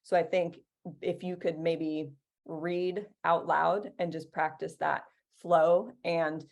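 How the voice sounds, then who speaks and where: Low gravelly woman, teacher type, chatty with lots of um and like. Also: level tone, slow pace. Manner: chatty, many fillers and restarts. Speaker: Italian teacher, guest. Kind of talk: casual interview answers.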